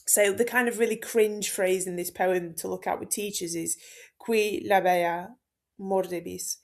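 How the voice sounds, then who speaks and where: Chatty woman with gravelly fry. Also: mid-range voice, darkish tone. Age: 30s. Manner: chatty and informal, with frequent fillers. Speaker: Latin teacher. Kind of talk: exam-focused text explanation.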